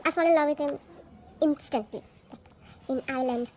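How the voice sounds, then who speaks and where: A woman unboxing albums on a casual vlog, gushing excitedly and gasping at each card she pulls. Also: high voice, quick pace, pauses often, very noisy.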